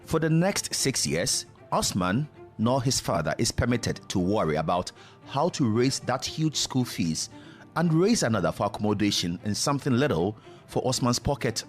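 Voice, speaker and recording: A man giving measured, formal scripted news narration as a reporter. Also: mid-range voice, big pitch swings. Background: music.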